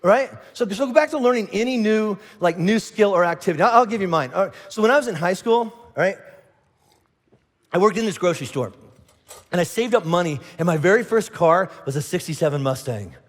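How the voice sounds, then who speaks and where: Middle-aged man, pastor, high voice, storytelling sermon in a reverberant auditorium. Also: brisk. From Indiana. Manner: animated storytelling with lots of restarts and acted asides. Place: large church auditorium. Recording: long hall reverb.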